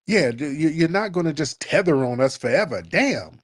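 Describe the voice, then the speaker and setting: A man's voice: a little high, animated, moderate pace, few pauses, no echo, studio quality. A man hosting a call-in show, ranting in a mocking, heated way at a caller. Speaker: host.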